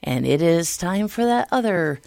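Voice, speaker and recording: A woman's voice: fairly low pitch, animated, measured pace, gravelly, darkish tone, no echo, clean studio sound. A woman co-hosting a morning radio show in easygoing, chatty banter. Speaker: radio co-host.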